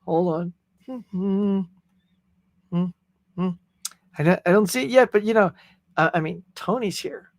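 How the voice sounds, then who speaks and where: Chatty host, dry close sound. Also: male voice, sits high, slow pace, pauses often, no room sound. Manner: energetic, chatty, talks to viewers by name. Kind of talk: casual livestream chat.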